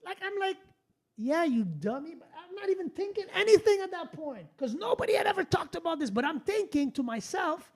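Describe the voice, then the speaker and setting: A male podcast host tells a story in a loose, animated, blunt style, cursing freely and starting sentences over. His voice is very high-pitched and his delivery brisk.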